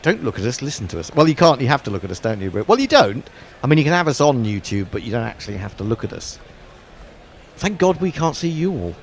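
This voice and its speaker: Gravelly middle-aged man. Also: medium pitch, very animated, fast talker, a little hiss or hum. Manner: rambling, self-mocking, chuckling. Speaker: co-commentator. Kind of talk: chatty summarising.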